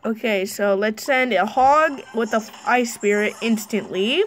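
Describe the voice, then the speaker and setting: A woman giving chatty, live play-by-play commentary on her own mobile game match, with excited bursts. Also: a little high, unhurried, soft background music, poor audio. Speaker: gaming channel host.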